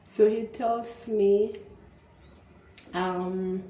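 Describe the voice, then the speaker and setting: A young Kenyan woman telling a personal story in a casual, animated way, often repeating words and stammering as she goes. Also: low voice, a little slow, slight background noise. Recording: echoey room with faint ambience.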